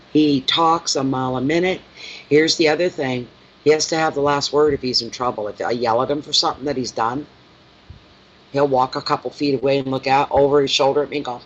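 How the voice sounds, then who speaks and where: A man who reads tarot, chatting casually on a live stream, rambling and talking fondly to his cat. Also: mid-range voice. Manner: rambling, fond baby talk to his cat. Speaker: tarot reader. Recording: dull lo-fi sound with faint noise.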